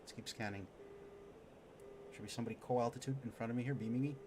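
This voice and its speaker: A man in the middle of a live flight-sim battle talks in an average-pitched voice, switching between patient explanation and excited outbursts. He mutters to himself as threats appear. Faint hiss sits under his mic. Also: fast. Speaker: streamer teaching flight sim combat. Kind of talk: live gameplay commentary and tutorial.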